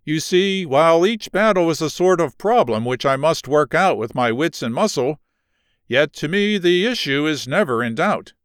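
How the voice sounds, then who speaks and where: A man's voice: a little high, lively intonation, normal speed, clear, resonant tone, dry recording, studio quality, natural voice. A man voicing a shy young prizefighter. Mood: earnest. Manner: hesitant, earnest.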